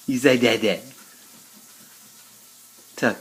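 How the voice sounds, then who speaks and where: A man's voice: lowish voice, expressive, moderate pace, slight background noise. A young father filming his baby son at home on a handheld camera, coaxing him with playful, repetitive baby talk. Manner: playful sing-song baby talk, coaxing and repeating words. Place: home indoors.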